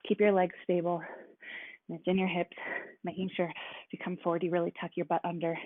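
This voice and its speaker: A woman casually talking through workout moves as a fitness instructor, relaxed and chatty with many fillers. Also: fairly low pitch, no echo. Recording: tinny, dry, phone-like sound.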